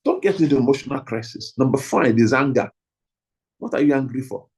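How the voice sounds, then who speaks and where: A man with a husky, slightly rough voice teaches a room of pastors. He talks emphatically and repeats himself, punching out single words for stress. His pitch sits in an ordinary middle range. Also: expressive, brisk, a little mellow, poor audio. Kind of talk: training talk to pastors.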